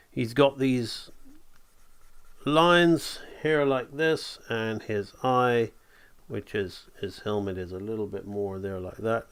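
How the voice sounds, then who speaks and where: A man teaching animation drawing, talking along while he sketches, relaxed and checking in with "right?". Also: medium pitch, smooth. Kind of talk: drawing tutorial, thinking aloud.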